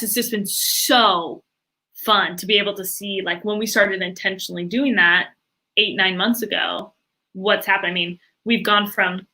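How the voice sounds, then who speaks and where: A woman guest in an interview, talking with lots of fillers and acting out other people's reactions in quick quoted voices. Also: mid-range voice. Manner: animated, many fillers, acts out quoted reactions. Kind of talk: enthusiastic interview talk.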